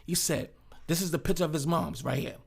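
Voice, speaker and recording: Man, fairly high voice, casual gossip commentary, street slang, repeats and restarts words. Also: brisk, vocal fry, darkish tone, slightly rough.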